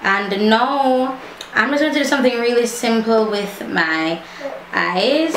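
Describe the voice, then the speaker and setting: A woman's voice: medium pitch, fairly bright tone, reverberant, a little hiss or hum. A young woman with a Jamaican accent, chatting casually through a makeup tutorial and slipping playfully into patois. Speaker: makeup vlogger.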